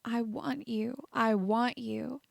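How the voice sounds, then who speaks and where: A woman reading the lines of a stubborn young man in a fan story, in a soft, strained, pleading voice. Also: on the high side, fairly even intonation, slow pace, gravelly, dry recording, studio quality, exaggerated voice.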